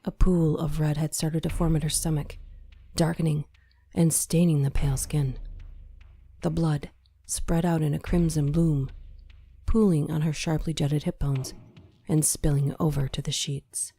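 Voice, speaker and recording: A woman narrating a horror story in a measured, dramatic storytelling manner. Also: sits low, fairly even intonation, creaky, warm tone, slightly rough. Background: faint music.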